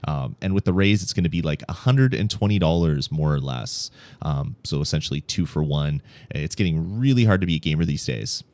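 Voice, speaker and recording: A young man with a very low voice hosts a casual gaming podcast. He rambles easily, full of ums and restarts, recorded dry and close with no room sound. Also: expressive, brisk, a little mellow, dry recording. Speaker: podcast host.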